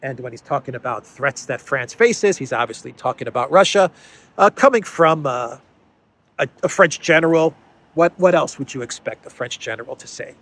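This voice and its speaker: Man of average pitch hosting off-the-cuff political commentary, sardonic and thinking aloud. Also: animated, normal speed, a bit bright. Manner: conversational, repeats words while thinking, sardonic asides.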